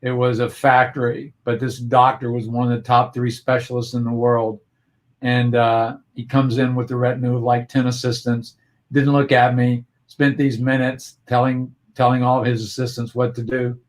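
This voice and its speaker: Male interview guest, mid-pitched voice, reflective and earnest, over a video call. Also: flat delivery, normal speed. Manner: earnest and reflective, with frequent restarts.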